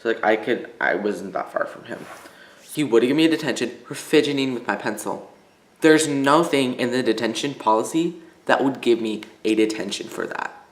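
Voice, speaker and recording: A teenage boy from Illinois rambles through stories in a casual vlog, leaning heavily on "like" and other fillers. His medium-pitched voice moves at normal speed, and the recording sounds roomy.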